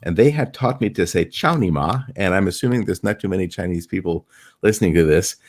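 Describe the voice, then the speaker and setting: A middle-aged man, a stage illusionist, telling animated anecdotes in a podcast interview and acting out the people he quotes. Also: sits low, quick pace.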